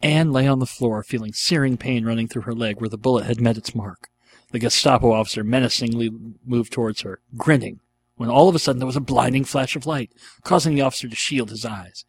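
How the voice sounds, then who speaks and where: A man's voice: medium pitch, a little fast, husky. Man reading a fan fiction. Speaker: narrator.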